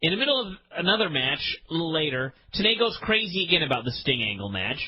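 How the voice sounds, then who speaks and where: A man hosting a podcast launches into an exasperated, profane rant, his husky voice leaping up and down all the while. He sits a touch high in pitch, and the audio is slightly dull and lo-fi. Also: very animated, fast, faint music behind. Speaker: podcast host. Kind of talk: ranting wrestling podcast chat.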